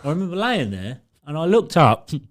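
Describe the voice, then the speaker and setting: A man in casual podcast chat, telling a story with energy. His voice swings freely between high and low, and he puts on voices for the people he quotes. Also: brisk. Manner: animated storytelling, acts out other people's voices. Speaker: podcast co-host.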